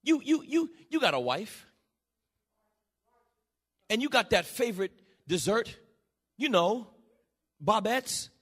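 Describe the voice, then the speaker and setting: A male pastor preaching a sermon in a church, building to shouted peaks and dropping to quiet, low passages. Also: sing-song, slow, long pauses, husky. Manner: shouting, rising to emphatic peaks.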